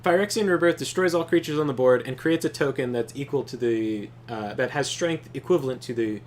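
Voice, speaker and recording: A young man chats while he plays a game on stream, swearing freely as he tells animated stories. His voice sits at an ordinary middle pitch, and faint noise hums behind him. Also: a little fast. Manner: animated storytelling, swears often. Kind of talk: casual chat while gaming.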